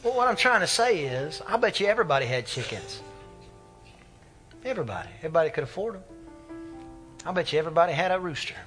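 A man's voice: fairly high pitch, sing-song, fast, long pauses, a bit bright, faint music behind. A man, a pastor preaching an impassioned, conversational sermon. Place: church sanctuary.

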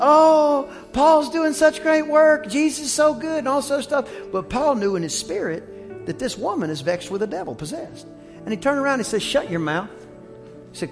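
A man preaching a sermon as pastor, telling stories and breaking into shouts on his strongest points. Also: high voice. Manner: preaching with rising shouts and quick asides.

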